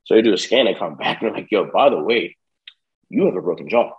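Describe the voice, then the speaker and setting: A man's voice: sits low, quick pace, lo-fi sound. A young man casually telling a long personal story, swearing often and acting out the people in it. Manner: profane, streetwise, animated retelling. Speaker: podcast guest.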